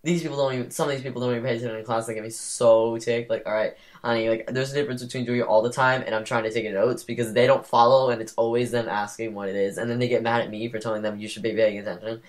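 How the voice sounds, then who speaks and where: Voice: mid-range voice, steady tone, fast talker, few pauses. A young podcast co-host telling a rambling, sassy story in casual chat, with lots of fillers.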